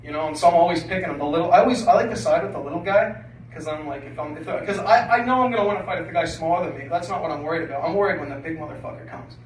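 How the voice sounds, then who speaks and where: Brief: male comic, high voice, crude rambling stand-up, distant mic in an echoey basement room. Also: racing, a little hiss or hum. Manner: crude, rambling, filler-heavy delivery. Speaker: stand-up comedian. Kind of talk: stand-up set. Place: small basement comedy room.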